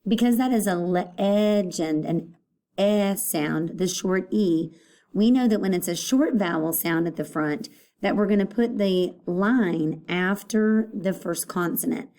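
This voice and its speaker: A woman's voice: lowish voice, measured pace, warm tone. A woman teacher giving a recorded phonics lesson for young children, patiently repeating words to sound them out. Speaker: elementary school teacher.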